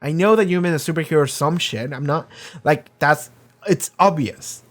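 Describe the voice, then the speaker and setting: A man's voice: fairly high pitch, moderate pace, soft background music, close to an everyday voice. A man voicing an annoyed young woman bluntly confronting her boyfriend about his lies. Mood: exasperated.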